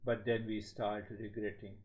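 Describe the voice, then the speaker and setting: A man giving a spiritual talk as a teacher, speaking slowly in measured, repetitive phrases. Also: lowish voice, flat delivery. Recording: slightly dull lo-fi sound.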